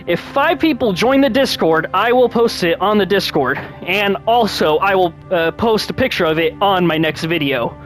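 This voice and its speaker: A man hosting his own channel, chatting casually and one-on-one with viewers. He rambles, restarts his sentences often, laughs a lot and gets animated when telling a story. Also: high voice. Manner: rambling, with frequent restarts and self-corrections. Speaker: channel host.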